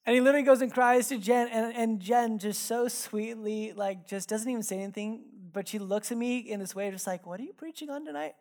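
A male pastor delivers a sermon in a loose, conversational way, weaving in stories from home. His talk is full of casual fillers. In reflective moments he softens to a hushed, earnest tone. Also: high voice, steady tone, a little fast, hardly any pauses. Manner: drops to hushed, earnest tones when reflective. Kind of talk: sermon with personal storytelling. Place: church sanctuary.

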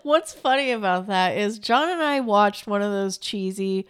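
A woman's voice: mid-range voice, animated, moderate pace, clean tone. A woman co-hosting a true crime podcast, telling stories in casual chat with dry teasing. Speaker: podcast co-host.

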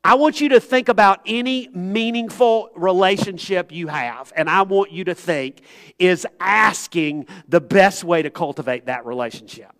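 A man's voice: sits high, moderate pace, fairly bright tone. A man, preaching an earnest, conversational sermon to a congregation in a church. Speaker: pastor. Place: church sanctuary.

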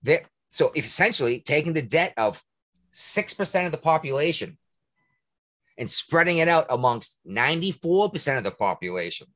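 A man hosting a podcast, ranting in casual talk, profane and indignant, with a husky voice. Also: a little high, big pitch swings, normal speed, fairly bright tone. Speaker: podcast host. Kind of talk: heated casual rant.

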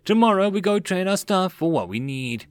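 A man's voice: sits high, sing-song, normal speed, no echo, pitched above the performer's own voice. A man voicing a practical, cheerful male barbarian leader who speaks matter-of-factly.

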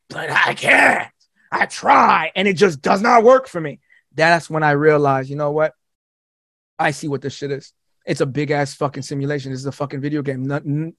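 A man as a podcast guest, rambling and swearing through an animated, casual talk. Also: a little high, no echo, studio quality. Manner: profane, rambling, animated storytelling.

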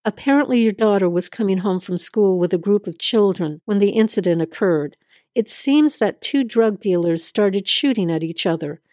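A woman voicing a male police officer in an audio drama reading, calm and matter-of-fact. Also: medium pitch, normal speed, no room sound, clean studio sound, lightly acted.

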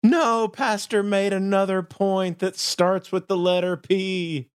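A man's voice: sits high, fairly even intonation, slow pace, clean tone, no echo, studio quality. A man co-hosting a podcast, reacting in an amused, laid-back way in casual comedic chat. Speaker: podcast co-host.

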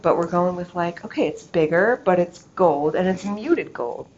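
A middle-aged woman hosting a casual storytelling podcast, chatty and animated, leaning on "like" a lot. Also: lowish voice, moderate pace. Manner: chatty, animated, heavy use of "like". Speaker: podcast host. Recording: slightly dull lo-fi recording with faint noise.

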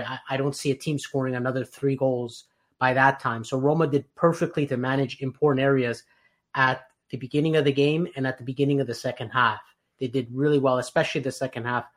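A man hosting a podcast, giving animated, opinionated football takes in casual chat with frequent restarts. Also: mid-range voice. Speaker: podcast host.

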